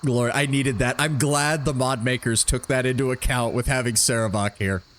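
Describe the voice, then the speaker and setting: A man's voice: mid-range voice, steady tone, moderate pace, fairly bright tone. A man commentating on a game live, casual, laughing often and swearing freely. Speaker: streamer playing a game.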